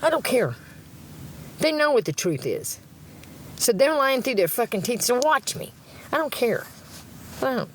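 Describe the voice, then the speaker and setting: A woman's voice: a little high, very animated, a little slow, pauses often, slight background noise. A middle-aged woman rambling on a livestream, blunt and profane, laughing often and talking about God.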